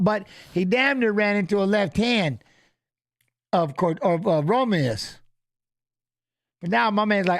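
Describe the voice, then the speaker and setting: A high-voiced man hosts a fight watch-along, rambling through casual live commentary at a normal speed with a gravelly sound. He keeps things loose, chatting with viewers and reading fighter stats aloud, and he often tags on "you know what I mean."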